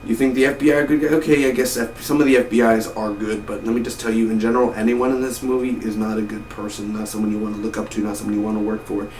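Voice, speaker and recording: A man's voice: lowish voice, little pitch movement, quick pace, few pauses, darkish tone. A man giving a casual spoken film review in a rambling, enthusiastic way, often repeating words as he goes. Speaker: movie reviewer. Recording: roomy echo, distant mic, faint noise.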